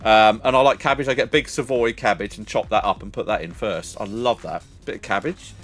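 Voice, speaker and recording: A man's voice: fairly low pitch, a little fast, a bit bright. An older man, chatting casually with viewers as a streamer, rambling and laughing often. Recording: faint music behind.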